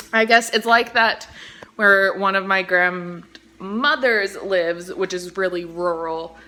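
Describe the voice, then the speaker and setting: A woman's voice: fairly low pitch, pushed and bright, slight background noise. A young woman with a Californian accent, from the Central Valley, chatting casually and rambling off on tangents, with lots of "like" and casual swearing, while she cooks in her home kitchen and films on a phone held in one hand. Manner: rambling, easily sidetracked, heavy "like" filler, swears casually. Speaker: vlogger. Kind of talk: casual storytime chat.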